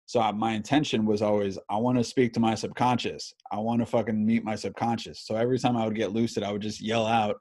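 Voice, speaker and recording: Brief: thirties male podcast host, lowish voice, loose and profane, animated storyteller. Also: quick pace, few pauses. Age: 30s. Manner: animated, swears a lot, many fillers. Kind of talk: casual storytelling chat.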